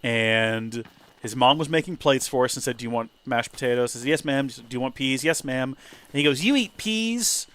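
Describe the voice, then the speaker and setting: A man chatting casually over gameplay, animated and prone to high excited exclamations. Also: a little fast. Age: 30s. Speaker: let's play streamer. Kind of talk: casual gameplay commentary and storytelling.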